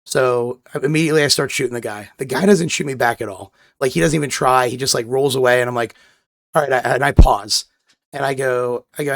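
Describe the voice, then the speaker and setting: A man's voice: medium pitch, brisk, creaky, fairly bright tone, no echo, studio quality. A man co-hosting a gaming podcast, telling rambling stories with lots of restarts in casual chat. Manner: rambling storyteller, many restarts. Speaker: podcast co-host.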